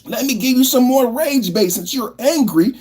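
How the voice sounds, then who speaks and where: A man's voice: very high-pitched, expressive, moderate pace, a crowd in the background. A male podcast host doing political commentary, firing off repeated rhetorical questions and often asking viewers to like the video. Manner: repetitive, fired-up rhetorical questions.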